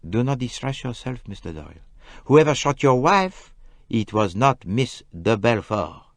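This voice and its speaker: A man reading an audiobook, voicing a fastidious older detective who speaks earnestly and formally. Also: mid-range voice, big pitch swings, no echo, voice pushed up. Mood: probing. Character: fastidious older male detective, calm and probing. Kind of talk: audiobook character voice.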